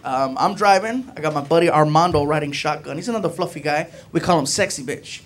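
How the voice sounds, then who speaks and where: A male stand-up comedian telling an animated story on stage, recorded live with audience noise in a comedy club. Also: a little high, fairly quick. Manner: animated, building to shouts.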